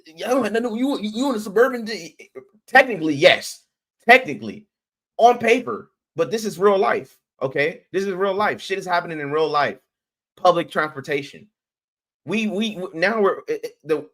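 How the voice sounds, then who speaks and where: A man's voice: fairly high pitch, a bit bright. A man streaming a heated commentary rant, blunt and profane, who repeats his words and restarts sentences as he presses his point.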